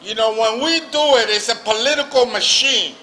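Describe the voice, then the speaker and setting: A man's voice: extremely high pitch, moderate pace, pushed and bright, low-quality recording. A man emceeing an outdoor political rally, joking and introducing speakers in English and Spanish. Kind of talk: rally speech. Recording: outdoor rally with crowd and street noise.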